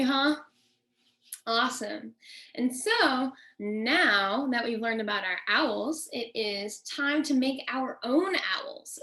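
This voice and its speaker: A woman with a fairly high voice leads a children's nature lesson. She speaks slowly and warmly, turning often to the young viewers to draw them in. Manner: friendly, slow, addressing kids directly. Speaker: nature educator.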